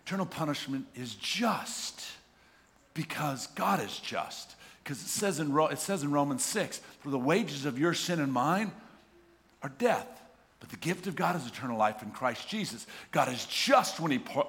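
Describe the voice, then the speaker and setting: Middle-aged pastor preaching, bright voice jumping all over, big hall echo. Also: male voice, a little high, moderate pace. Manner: animated, acts out voices of people talking to God. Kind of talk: sermon. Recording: reverberant hall.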